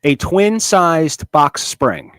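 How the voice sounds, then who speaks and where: A man talking on a podcast in loose, profane banter, his pitch swinging up and down as he works himself up over a story. The sound is close and dry, with no room around it. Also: extremely slow, clean tone, no echo. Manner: animated, swears freely, rambling restarts. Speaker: podcast co-host.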